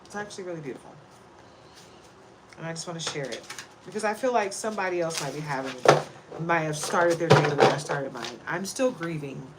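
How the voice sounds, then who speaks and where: A woman's voice: deep voice, brisk, heavy background noise. A woman in her forties, an oracle card reader talking candidly on a home livestream and laughing often. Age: 40s. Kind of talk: casual livestream talk.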